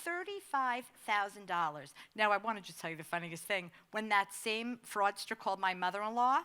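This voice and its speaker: A middle-aged woman giving a conversational presentation, an animated storyteller who laughs often. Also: medium pitch, normal speed, clean tone. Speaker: advocacy staff speaker.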